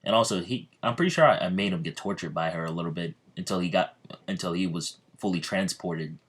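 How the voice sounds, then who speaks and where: A man's voice: deep voice, a little fast, a bit bright, husky. A man telling a fan-made story in a hesitant, rambling way, full of ums and restarts. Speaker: channel host.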